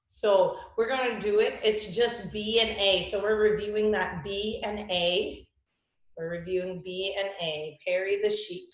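A woman music teacher giving a children's lesson, with slow, clear, patient instructions. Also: mid-range voice, fairly even intonation, echoey room.

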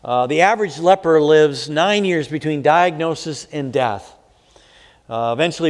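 A man pastor preaching a sermon in a measured way, pausing with fillers and reading scripture aloud. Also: on the high side, big-room sound.

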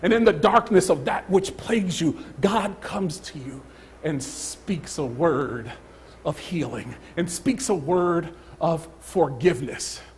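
A man preaching a sermon as pastor, swinging from hushed, near-whispered phrases to loud, emphatic calls. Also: on the high side, animated, slow pace, a little hiss or hum. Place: church sanctuary.

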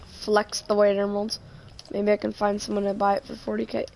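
A woman's voice: mid-range voice, monotone, a little fast, gravelly, a little mellow. A woman streaming a game live, chatting casually and joking, often trailing off mid-sentence.

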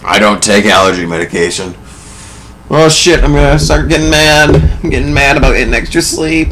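A young man giving casual, profane gameplay commentary, sarcastic and prone to loud outbursts. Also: medium pitch, fairly quick, background noise. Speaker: let's play commentator.

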